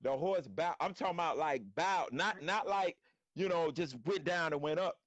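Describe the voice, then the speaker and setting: A man telling a story in casual slangy talk on a live stream, animated and acting out quotes. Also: a little high, moderate pace, no room sound. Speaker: guest storyteller.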